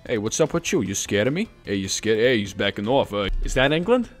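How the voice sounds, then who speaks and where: Excitable gamer guy, lowish voice, goofy commentary, voice shoots way up when he's baffled, soft music behind. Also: fairly quick. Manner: excitable, jokey, voice jumps up high when baffled. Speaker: gaming YouTuber. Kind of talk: playful gameplay commentary.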